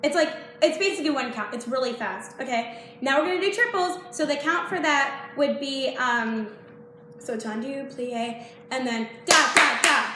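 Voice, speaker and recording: A young woman teaching dance, chatty and apologetic, counting the beats aloud. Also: high-pitched. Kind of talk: dance tutorial vlog. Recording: echoey room with faint noise.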